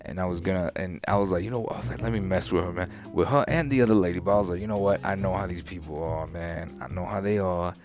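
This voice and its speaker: A deep, gravelly man's voice tells a story in a laid-back podcast monologue. He reads out posts with an amused, unbothered chuckle. Soft music sits faintly behind him. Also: fast, few pauses. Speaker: podcast host.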